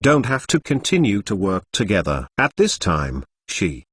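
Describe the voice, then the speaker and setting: A man's voice: lowish voice, huge pitch swings, normal speed, fairly bright tone, husky. A man narrating a novel in a mechanical way, reading punctuation marks aloud. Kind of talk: scripted narration.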